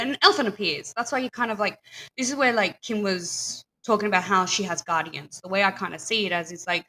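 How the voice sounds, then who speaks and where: Female radio co-host, sharp bright voice, hesitant musing style. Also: mid-range voice, a little hiss or hum, low-quality recording. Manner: loose, hesitant musing with fillers. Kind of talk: casual talk radio chat.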